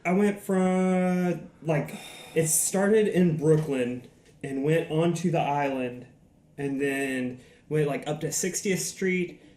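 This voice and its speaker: A man's voice: on the high side, slow pace, a little mellow, roomy sound. A man with a Southern US accent telling profane, laugh-filled stories in a casual podcast chat. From American South. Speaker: podcast guest. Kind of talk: casual storytelling.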